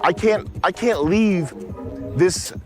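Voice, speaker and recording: Boastful deadpan man over music. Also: high-pitched, takes it slowly.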